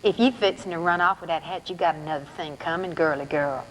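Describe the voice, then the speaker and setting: A stern, nosy saleslady in tight cowgirl pants, put on by a woman reading aloud, drawling every word with a broad twang. She talks at an ordinary middle pitch, and there is a faint hiss behind her. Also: fairly quick, fairly bright tone, in a large hall, lightly acted, rough recording. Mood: scolding.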